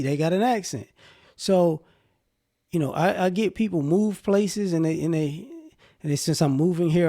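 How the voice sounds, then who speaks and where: A man's voice: a little high, creaky, dark tone. A man with a Southern US accent talking through his opinions in a casual, rambling vlog, full of fillers. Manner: rambling, conversational, many fillers. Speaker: vlogger.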